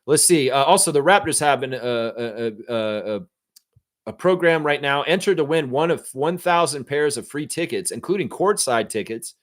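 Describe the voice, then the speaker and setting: A male stream host talks in a loose, unscripted way, often swearing and reading out viewer comments. His voice sits at an ordinary middle pitch. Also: animated, moderate pace. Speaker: host of a fan live stream. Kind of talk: casual live-stream chat.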